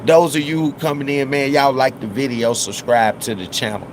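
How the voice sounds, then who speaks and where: A man's voice: medium pitch, fairly even intonation, slight background noise, rough recording. A man giving casual live commentary, drawling and acting out other people's words in raised voices. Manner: slow, drawling, acts out quotes in raised voices. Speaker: livestream commentator.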